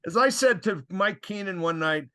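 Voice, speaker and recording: Older man telling animated hockey stories. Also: sits high, moderate pace. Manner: animated storyteller, acts out quoted exchanges, chuckles often. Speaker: podcast guest, former referee. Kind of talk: casual storytelling chat.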